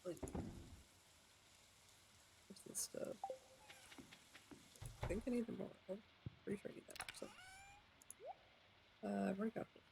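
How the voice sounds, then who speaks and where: Gravelly-voiced streamer muttering through gameplay. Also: medium pitch, moderate pace, long pauses, background noise. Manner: muttering to self while playing, talking to chat. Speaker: game streamer. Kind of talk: live gameplay commentary.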